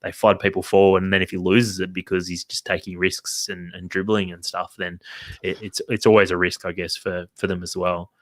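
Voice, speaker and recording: A man's voice: sits low, level tone, fairly quick, a bit bright, no room sound. A man co-hosting a casual football podcast, talking in long rambling runs with restarts and the odd swear word. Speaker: podcast co-host.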